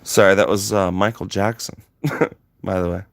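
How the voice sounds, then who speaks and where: A man's voice: sits low, level tone, moderate pace, gravelly, no room sound, studio quality. A man livestreaming, ranting heatedly at his chat with constant swearing and emphatic repetition.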